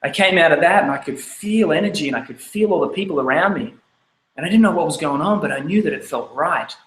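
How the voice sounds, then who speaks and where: A man's voice: fairly high pitch, animated, fast talker, a bit bright, echoey room, poor audio. Candid Australian man telling his story. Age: 30s. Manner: candid, storytelling, acts out his past self. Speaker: speaker. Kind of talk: personal life story talk.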